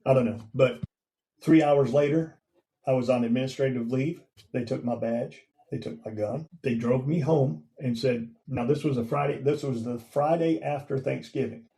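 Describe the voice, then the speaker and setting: Mellow-voiced man in his fifties telling a story. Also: mid-range voice, poor audio. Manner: recounts events plainly, acting out quoted dialogue. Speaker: guest, veteran and former police officer. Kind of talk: conversational podcast storytelling.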